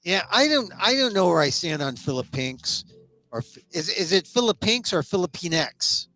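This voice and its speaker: A man's voice: high voice, normal speed. An older man hosting a talk show, chatting casually and playfully toying with words. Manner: animated, playful with wordplay. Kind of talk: casual conversation.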